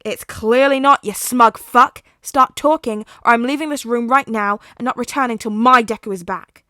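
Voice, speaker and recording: A woman voicing a hot-tempered, foul-mouthed teenage boy who snarls and shouts. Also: fairly high pitch, normal speed, dry recording, clean studio sound, voice pushed up. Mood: angry.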